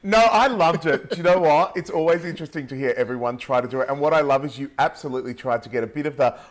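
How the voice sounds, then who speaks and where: A man's voice: fairly high pitch, quick pace. A man with a broad Melbourne Australian accent, chatting enthusiastically as a podcast guest. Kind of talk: casual chat.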